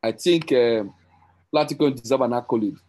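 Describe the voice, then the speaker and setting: Excitable man pitching crypto. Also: brisk, low-quality recording. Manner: rambling, repetitive, self-correcting, teasing. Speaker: crypto promoter hosting a group call. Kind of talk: excited sales pitch with screen share.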